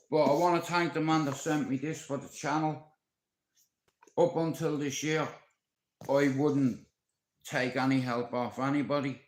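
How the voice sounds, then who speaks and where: A man's voice: mid-range voice, echoey room. A man with a Dublin accent, vlogging in a brash, rambling, sweary way. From Ireland. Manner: brash, sweary, puts on voices for bits. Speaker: YouTube vlogger. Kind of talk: rambling casual vlog.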